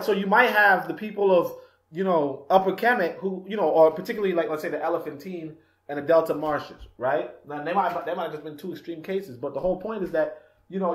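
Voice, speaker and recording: A man's voice: high voice, fairly bright tone. A male radio host and author in a casual talk-radio monologue. He rambles, laughs often and fills with "you know". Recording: echoey room.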